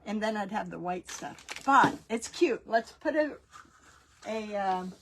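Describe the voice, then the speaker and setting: A woman's voice: mid-range voice, lively intonation, a little slow, slight background noise. A woman in her fifties, a grandmother, chatting and rambling through a DIY craft tutorial and laughing often as she tells family stories.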